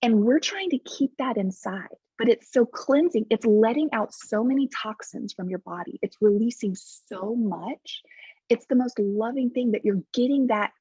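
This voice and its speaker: A woman's voice: a little high, moderate pace, dark tone, breathy edge, dry recording. A woman speaking as a podcast guest, earnest and heartfelt, leaning hard on the words she cares about. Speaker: guest, coach. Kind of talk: casual podcast conversation. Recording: dull lo-fi remote audio.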